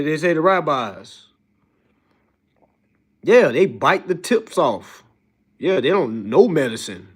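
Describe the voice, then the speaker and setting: Man, animated rant, AAVE, lively swooping pitch, fairly high voice. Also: slightly rough. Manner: animated, addresses viewers as y'all, mocking high-pitched impressions. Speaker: livestream host. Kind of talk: casual ranting livestream monologue.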